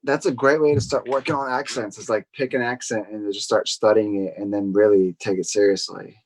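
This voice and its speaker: Man, casual podcast chat, teasing, husky, lowish voice. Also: steady tone, brisk, low-quality recording. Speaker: podcast co-host.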